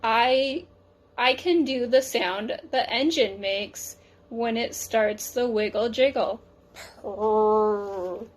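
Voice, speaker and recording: Storybook cat, eager and small, squeaky high voice, put on by a woman reader. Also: takes it slowly, poor audio.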